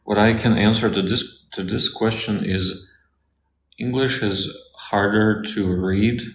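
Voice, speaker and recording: Slow, gravelly man. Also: on the low side, echoey room, low-quality recording. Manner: thinks aloud with fillers and restarts, relaxed explaining. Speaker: Russian tutor answering viewer questions. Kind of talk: casual Q&A livestream.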